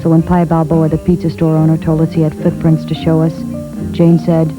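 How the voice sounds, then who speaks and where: Clipped deadpan detective narrator man. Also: on the high side, brisk, music in the background, poor audio. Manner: clipped, matter-of-fact.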